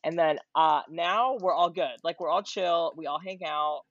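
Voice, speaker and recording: A man chatting casually in a relaxed, laid-back way. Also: a little high, moderate pace, no room sound. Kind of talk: casual chat. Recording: dull, dry sound.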